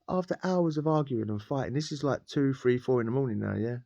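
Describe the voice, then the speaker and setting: A man's voice: medium pitch, moderate pace, vocal fry, long pauses, dark tone, no room sound, dull audio. A man telling a rambling personal story in casual slang, laughing often. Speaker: podcast guest telling a prison story.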